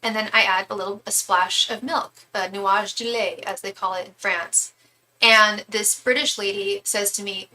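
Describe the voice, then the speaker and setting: A woman's voice: medium pitch, fairly even intonation, moderate pace, pushed and bright, rough recording. Chatty woman doing a live tarot reading. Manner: chatty, rambling, with casual swearing. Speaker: tarot reader and psychic. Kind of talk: live-stream reading and casual chat.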